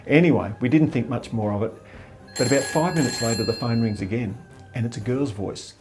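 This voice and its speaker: An older man telling a jokey story in a casual, animated way. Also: mid-range voice, fast, soft background music. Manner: jokey, animated, acts out voices.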